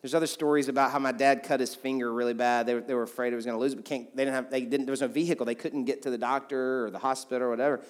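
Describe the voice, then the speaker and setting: A man's voice: medium pitch, fairly even intonation, racing, hardly any pauses. A man, a pastor telling stories in a sermon in a loose, conversational way with many asides. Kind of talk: sermon storytelling. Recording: long hall reverb.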